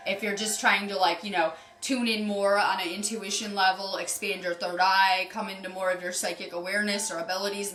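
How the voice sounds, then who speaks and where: A woman's voice: medium pitch, fairly even intonation, a little fast, few pauses, sharp tone, echoey room, soft background music. A woman doing a casual card reading on a live stream as a spiritual healer, chatty and upbeat, greeting viewers by name.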